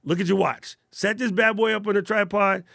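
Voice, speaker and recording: A man's voice: sits high, steady tone, brisk, creaky, fairly bright tone, no room sound, clean studio sound. A man hosting a casual live stream about camera gear, slangy and enthusiastic as he answers viewer questions.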